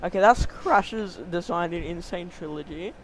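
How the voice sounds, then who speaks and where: A man's voice: high-pitched, moderate pace, fairly bright tone, slight background noise, rough recording. A man co-hosting a casual game podcast, rambling with lots of fillers and pushing to stay on topic. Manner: rambling, filler-heavy, keeps steering back to topic. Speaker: podcast co-host. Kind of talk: casual chat about video games.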